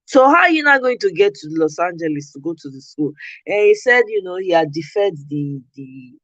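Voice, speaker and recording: In a fairly low, fairly quick voice, a Nigerian woman hosts a casual podcast chat and animatedly recounts a story, acting out what she said in reply. The recording sounds muffled, with no room sound.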